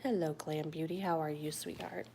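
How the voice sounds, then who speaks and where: A woman hosting a late-night livestream, reading viewer comments in a soft, often whispered, affectionate way; she sounds sleepy. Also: low voice, steady tone, moderate pace, gravelly, a little hiss or hum. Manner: warm, affectionate toward viewers. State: sleepy but awake. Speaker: livestream host.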